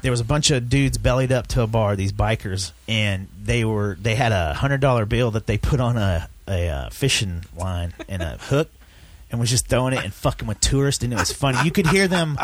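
A man's voice: mid-range voice, expressive, brisk, no echo. A man hosting a podcast, chatting casually with friends and laughing at his own jokes as he rambles through stories. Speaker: podcast host. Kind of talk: casual group chat.

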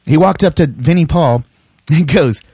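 A man's voice: on the high side, normal speed, mellow, husky, no echo, clean studio sound. A middle-aged man telling rambling, profane stories in casual chat, laughing as he goes. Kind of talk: casual storytelling.

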